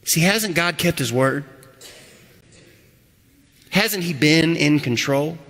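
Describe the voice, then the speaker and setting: Preaching man in an echoey church. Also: a little high. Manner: dynamic preaching, voice swings from loud to hushed. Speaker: pastor. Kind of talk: sermon. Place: church sanctuary.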